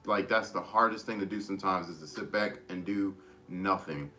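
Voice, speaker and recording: A man giving a casual tarot reading, rambling with many restarts as he gently advises his listeners. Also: deep voice, normal speed. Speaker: tarot reader.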